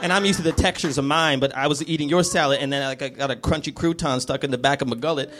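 Animated man doing stand-up. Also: fairly high pitch, fast. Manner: animated, self-mocking, chuckling often. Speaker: stand-up comedian. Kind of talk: stand-up storytelling. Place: comedy venue with an audience. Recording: live audience, noisy room.

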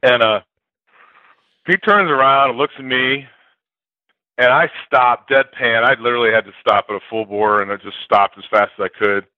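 A man's voice: mid-range voice, moderate pace, dry recording, phone-quality sound. An older man, a former player, telling stories in an interview and acting out the quotes with a laugh. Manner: animated storyteller, acts out quotes loudly, laughs often. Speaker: former college football player, guest. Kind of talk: interview storytelling.

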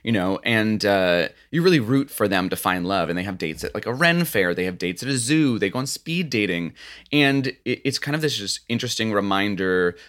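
A man's voice: lowish voice, lively intonation, normal speed, fairly bright tone. A man in his thirties co-hosting a podcast in casual chat, rambling with many restarts and "you know"s. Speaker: podcast co-host.

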